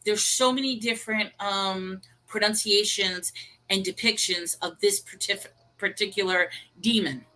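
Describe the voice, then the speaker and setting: A woman co-hosting a casual online chat show, telling stories in an animated, chatty way. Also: mid-range voice, unhurried, poor audio. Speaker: co-host.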